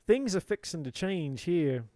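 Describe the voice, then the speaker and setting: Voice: medium pitch, big pitch swings, a little slow, mellow, dry recording, clean studio sound. Profane, theatrical tarot reader. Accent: playful put-on British. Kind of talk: live tarot reading.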